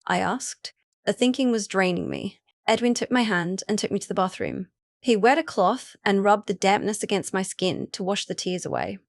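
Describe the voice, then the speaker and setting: Even-voiced woman reading a romance. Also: mid-range voice, moderate pace, no echo, clean studio sound. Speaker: narrator. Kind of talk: first-person audiobook narration.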